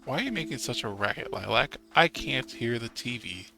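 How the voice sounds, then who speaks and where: A man voicing a gruff, irritable middle-aged father in a story game. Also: mid-range voice, expressive, a little fast, music in the background. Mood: irritated.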